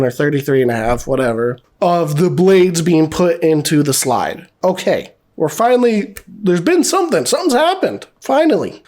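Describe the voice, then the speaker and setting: A man's voice: fairly high pitch, a little mellow. A man giving a casual, rambling movie review, swearing often and sounding sarcastic.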